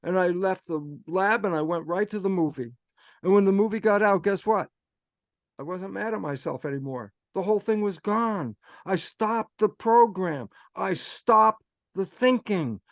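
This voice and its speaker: An older man with a high, light voice tells a story to an online audience, animated and leaning on repeated phrases for emphasis. The sound is dry and close. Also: normal speed, no echo. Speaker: guest speaker answering questions. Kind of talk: storytelling talk.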